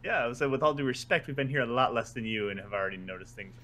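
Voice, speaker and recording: A man's voice: mid-range voice, expressive, very fast, bright, forceful tone. A man playing a character in a tabletop game, blunt and matter-of-fact. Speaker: player. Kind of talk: casual in-character tabletop play.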